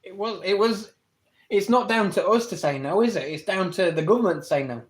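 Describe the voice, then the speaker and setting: A man with an English accent on a live stream, arguing his points to viewers and answering their comments. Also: high-pitched. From England. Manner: argumentative, rapid back-and-forth rebuttals; reads viewer comments aloud and answers them. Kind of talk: live-stream debate with chat.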